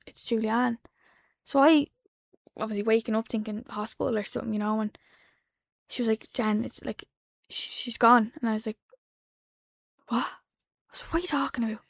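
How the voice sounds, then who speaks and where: A woman in her twenties with an Irish accent, a podcast guest telling a personal story in a soft, halting way that drops to a hush. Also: on the high side, vocal fry, no echo, studio quality. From Ireland. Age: 20s. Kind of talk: emotional personal account. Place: podcast studio.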